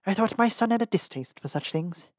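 A man's voice: sits high, animated, a little fast, dry recording, clean studio sound, pitched above the performer's own voice. A man doing a gossipy chatty queen.

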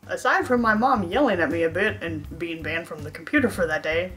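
A woman's voice: fairly low pitch, fairly quick, hardly any pauses, a bit bright, soft background music. A young woman vlogger telling a storytime tale in a sarcastic, self-mocking way. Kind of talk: storytime monologue.

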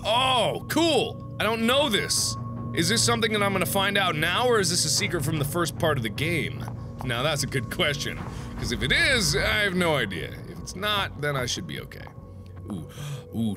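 A young man in his twenties doing jokey horror game commentary, swinging from quiet mutters to excited shouts. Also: a little high, normal speed, music in the background. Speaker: gaming YouTuber.

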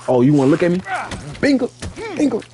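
A man giving live gameplay commentary, playfully trash-talking enemies and repeating excited catchphrases. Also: high-pitched, quick pace. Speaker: gaming streamer.

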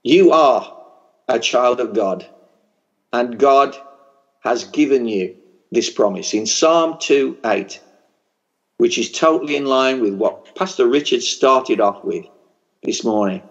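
Fervent English preacher with a regional accent. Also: male voice, medium pitch, slow, long pauses, highs cut off. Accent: English regional, working-class. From England. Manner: fervent, storytelling, builds to a blessing. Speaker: pastor. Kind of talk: sermon. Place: large church conference hall.

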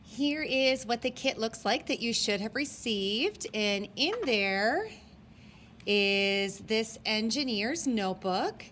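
A school librarian speaking to young children in a recorded lesson, explaining things step by step. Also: female voice, on the high side, lively intonation, slow, fairly bright tone, a little hiss or hum. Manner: friendly teacher explaining step by step.

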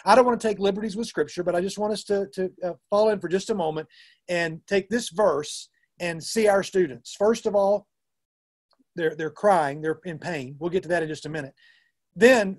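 A man's voice: high voice, normal speed. A middle-aged man with a Southern US accent, a youth minister giving an earnest, conversational talk to fellow ministers with frequent restarts.

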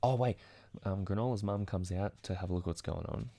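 A man's voice: sits low, fairly quick, dark tone. A man hosting a casual comic recap video, chatty and rambling as he strings events together. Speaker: video host.

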